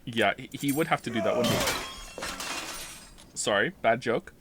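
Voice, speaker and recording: A man's voice: mid-range voice, lively intonation, unhurried, heavy background noise. A man streaming a game live, chatting casually, rambling and interrupting himself while reading chat aloud.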